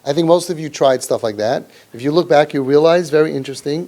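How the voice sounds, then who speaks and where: A middle-aged man giving a parenting workshop lecture, sarcastic and animated, with many rhetorical questions. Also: on the high side, fast, few pauses. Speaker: parenting coach.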